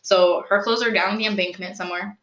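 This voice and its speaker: A young woman hosting a podcast, telling a true-crime story in a casual, animated way, full of "like" and questions put to her co-host. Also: mid-range voice, fairly quick. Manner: chatty, animated, lots of "like" and rhetorical questions. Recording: roomy echo.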